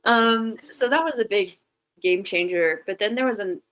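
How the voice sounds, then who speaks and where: A woman's voice: mid-range voice, normal speed, a bit bright, rough recording. A woman guest telling a personal story in casual, candid talk, full of "like" fillers and restarts. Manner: candid and reflective. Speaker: podcast guest.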